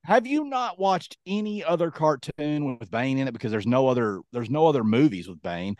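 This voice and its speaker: A man co-hosting a casual podcast chat, rambling and animated, slipping into quick impressions. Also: mid-range voice, dry recording. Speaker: podcast co-host.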